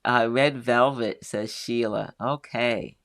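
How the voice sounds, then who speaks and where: A woman's voice: a bass voice, fairly even intonation, slow pace, dry recording, studio quality. A middle-aged woman hosting a live quilting show, chatting casually as she reads out viewers' comments and answers them one by one.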